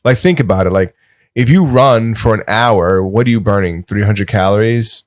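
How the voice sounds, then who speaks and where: A man's voice: lowish voice, normal speed, dry recording, studio quality. A man co-hosting a podcast, rambling and arguing in casual, profane chat. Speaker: podcast co-host.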